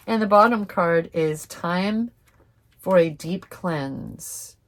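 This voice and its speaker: A young woman doing a casual tarot reading to camera, chatty and excitable, swearing freely and calling her viewers fam. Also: lowish voice, takes it slowly. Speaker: tarot reader.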